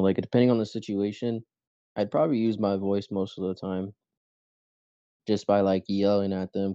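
A man's voice: fairly low pitch, mellow, dry recording. A man co-hosting a casual podcast chat, giving short, easygoing replies and swearing freely. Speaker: podcast co-host. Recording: dull lo-fi sound.

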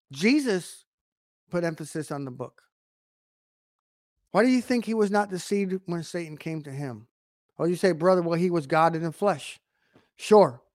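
Male online preacher, fairly high voice, dry close sound, emphatic with rhetorical questions and sudden loud swells. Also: no echo. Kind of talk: online sermon to camera.

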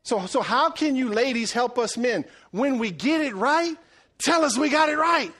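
A middle-aged man preaching a sermon, animated and joking, swinging between loud and hushed delivery. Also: very high voice, moderate pace. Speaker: pastor.

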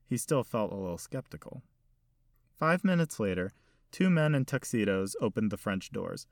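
A man reading a story aloud in a measured, steady storytelling manner. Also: on the low side, vocal fry, no echo, studio quality. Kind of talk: scripted narration.

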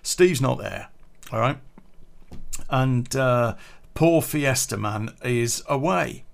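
A man's voice: medium pitch, takes it slowly, creaky. A man telling a rambling, swear-heavy personal anecdote in a casual way, full of restarts. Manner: profane, rambling, frequent restarts. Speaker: storyteller.

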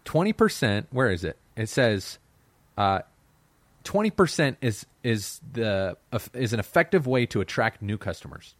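Lively teasing man on a dry mic. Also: lowish voice, measured pace, dry recording. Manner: argumentative, teasing. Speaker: podcast co-host. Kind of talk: casual chat.

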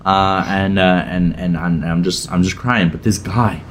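A man's voice: sits low, steady tone, unhurried, slight background noise. A man telling a funny story in casual chat, rambling with many restarts and laughing often. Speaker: storyteller guest.

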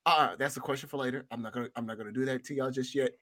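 A man's voice: mid-range voice, fairly even intonation, rapid-fire, a bit bright, no room sound, clean studio sound. A man co-hosting a casual film review podcast, ranting in a profane, exasperated way. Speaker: podcast co-host.

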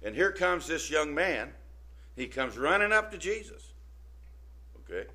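A man preaching a casual, down-to-earth sermon. His voice is bright and forceful, and he keeps pausing to check in with his listeners. He talks his way through the text rather than reading a script. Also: on the high side, very animated. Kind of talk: informal sermon.

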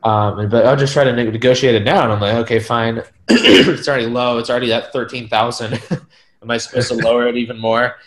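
Male talker, mid-pitched, loose filler-heavy storytelling, animated retellings. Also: a little fast. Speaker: real estate investor. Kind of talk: casual storytelling.

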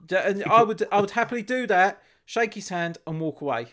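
A man's voice: high-pitched, expressive, fairly quick, hardly any pauses, fairly bright tone. A man, co-hosting a casual chat and telling stories animatedly, swearing and laughing. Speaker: podcast co-host.

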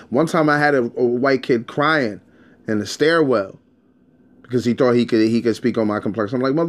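A man recounts his life in a loose, unscripted monologue. His talk is streetwise and blunt, full of repeated words and restarts. His voice sits at an ordinary pitch for a man. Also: moderate pace. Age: adult, past his teens. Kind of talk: casual personal storytelling monologue.

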